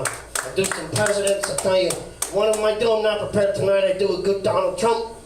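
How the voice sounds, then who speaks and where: Brief: brash, fairly high-voiced man doing a crude stand-up persona on a club stage, mic distant, echoey and noisy. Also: gravelly. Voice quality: brash, crude, mumbling asides. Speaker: stand-up comic. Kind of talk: stand-up set in a brash lounge-act persona. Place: comedy club stage, live. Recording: echoey room heard from far off.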